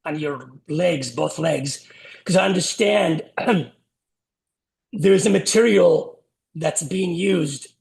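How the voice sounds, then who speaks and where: A man hosting a podcast who asks gentle, hesitant questions. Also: fairly high pitch, slow, creaky. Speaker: podcast host. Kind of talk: interview questions.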